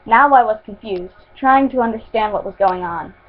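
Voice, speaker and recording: A woman's voice: medium pitch, normal speed, a little hiss or hum. Woman reading a story over a tinny line. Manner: stumbling reading with restarts and asides. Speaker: reader of her own fan fiction. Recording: tinny phone-like recording.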